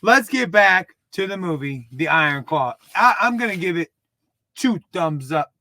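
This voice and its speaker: A man in his thirties from Dallas with a Texan accent, rambling excitedly and mocking himself while reviewing a movie. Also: sits high, measured pace, no echo. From Dallas, Texas. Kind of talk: casual video review.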